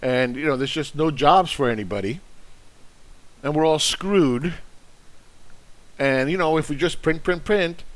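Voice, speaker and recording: A man at a middle pitch hosts an investing channel and rants at his critics. He is angry, sarcastic and profane, with a mocking tone throughout. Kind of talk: ranting commentary.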